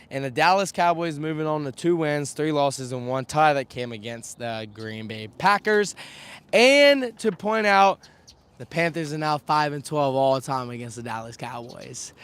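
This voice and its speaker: A man's voice: on the high side, clean tone. Young man giving an outdoor sports recap. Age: young adult. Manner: energetic, chatty, lists stats. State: slightly scratchy recovering voice. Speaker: sports vlogger. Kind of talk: outdoor live postgame recap. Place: outdoors outside a stadium, windy. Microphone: camera on a stand.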